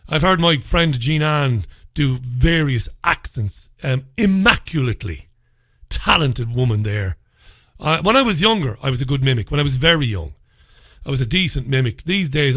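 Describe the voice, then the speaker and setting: A male radio host with a bright, slightly high voice, chatting off the cuff. He tells blunt, jokey stories and swears without pause. The sound is close and dry. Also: no room sound. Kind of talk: casual chat show with newspaper review.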